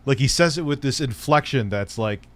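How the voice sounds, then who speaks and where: A man's voice: medium pitch, animated, moderate pace, no room sound. A man hosting a livestream, chatting casually and rambling through crude, profane jokes. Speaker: streamer host. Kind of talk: casual livestream reaction chat.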